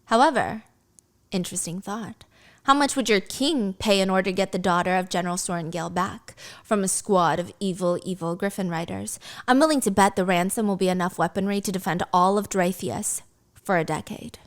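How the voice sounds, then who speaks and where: A woman voicing a scheming male enemy rider who speaks in a low, measured, smug tone. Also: lightly acted.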